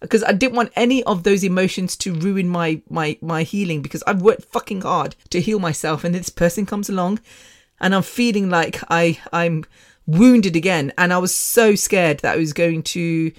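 A woman's voice: on the low side, normal speed. A woman hosting her own podcast in a casual personal monologue, frank and candid with mild swearing, rambling with frequent restarts. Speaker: podcast host.

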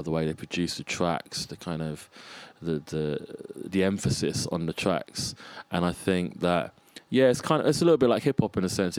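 Deep-voiced reflective man. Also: clear, resonant tone, dry recording. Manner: reflective, restarts and lists ideas, animated about music. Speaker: podcast guest, freelance arts producer. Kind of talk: casual conversation.

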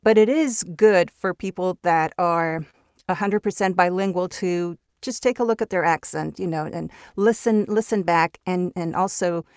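A woman's voice: fairly low pitch, moderate pace, darkish tone, clear, resonant tone, no echo, clean studio sound. A woman raised in Mexico with Spanish as her first language, chatting casually as an interview guest about her voice work, often restarting words. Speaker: voice actor guest.

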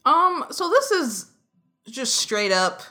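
A woman's voice: sits high, very animated, takes it slowly, bright, forceful tone, slight background noise. A woman co-hosting a casual chat about old cartoons, hesitant and full of fillers. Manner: hesitant, many likes and fillers. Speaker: podcast co-host.

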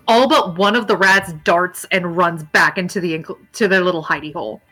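Bright-voiced woman running a tabletop game. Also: lowish voice, normal speed, faint music behind, poor audio. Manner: casual, filler-heavy narration with dog noises. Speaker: game master.

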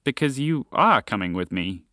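A man's voice: a little high, sing-song, fairly quick, pushed and bright, dry recording, clean studio sound, pitched above the performer's own voice. A man voicing a small, impatient chocolate lab dog who talks in a judgmental, exasperated, condescending way in a storybook tale. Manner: judgmental, exasperated, matter-of-fact.

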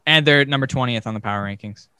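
A man's voice: medium pitch, quick pace, bright, forceful tone, clean tone, no echo. A man co-hosting a casual sports podcast, talking emphatically and ranting. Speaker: podcast co-host.

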